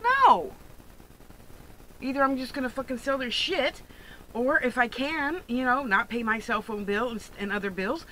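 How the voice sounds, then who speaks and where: A woman's voice: on the high side, moderate pace, sharp tone, a little hiss or hum, poor audio. A woman who sells jewelry online, ranting bluntly and sarcastically in a profane vlog monologue. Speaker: online jewelry and crystal seller.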